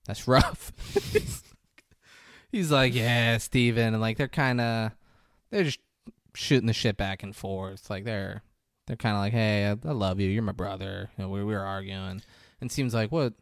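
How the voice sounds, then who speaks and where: A man's voice: fairly low pitch, unhurried, dry recording, studio quality. Man retelling a film scene by scene. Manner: retells scenes with quoted dialogue, laughs often. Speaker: podcast co-host recapping a film. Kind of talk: casual chat.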